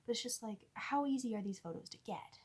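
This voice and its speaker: A young woman vlogger telling a storytime story in an animated way, often laughing as she talks. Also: fairly high pitch, brisk, breathy edge. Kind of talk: storytime vlog.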